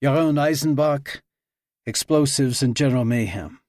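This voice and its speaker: A man's voice: mid-range voice, normal speed, darkish tone, no echo, studio quality, voice pushed up, natural voice. A man doing a blunt explosives man in his forties. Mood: matter-of-fact. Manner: matter-of-fact, casual about violence. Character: stocky man in his late forties, explosives expert, matter-of-fact.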